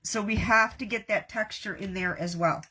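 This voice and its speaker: A middle-aged woman, hosting a live craft tutorial and chatting warmly and folksily with her viewers. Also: medium pitch, moderate pace, breathy edge. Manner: warm, talks straight to viewers with folksy asides. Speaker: craft host.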